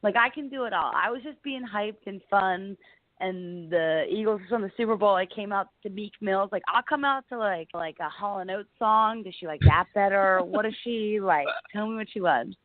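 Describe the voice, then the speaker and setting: Guesting on a laid-back radio interview, a Delaware County, Pennsylvania comedian tells stories in a medium-pitched voice at normal speed, animatedly voicing the people she quotes and saying "like" often. The sound is dry and phone-like, with no room ambience.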